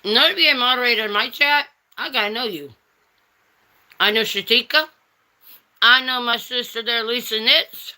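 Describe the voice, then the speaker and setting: A woman's voice: on the high side, normal speed, pauses often, sharp tone. A woman hosting a casual livestream, reading chat and teasing viewers with pet names like honey and darling.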